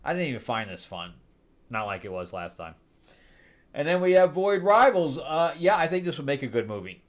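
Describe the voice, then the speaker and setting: A man's voice: on the high side, big pitch swings, normal speed. Rambling, sarcastic male comic reviewer. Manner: rambling, sarcastic, laughs often. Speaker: comic book reviewer, host. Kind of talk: casual review chat.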